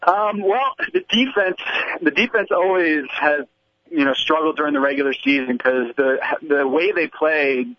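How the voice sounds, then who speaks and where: Guest analyst, man, slightly high voice, dry muffled call-in sound. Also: moderate pace, no echo. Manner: explanatory, number-focused, slight stumbles. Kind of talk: stats-driven sports analysis on the radio. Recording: dull, band-limited phone-in audio.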